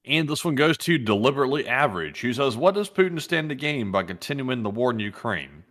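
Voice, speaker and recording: A man's voice: mid-range voice, animated, brisk, fairly bright tone. A man co-hosting a live stream, reading viewer questions and donations aloud in a chatty way.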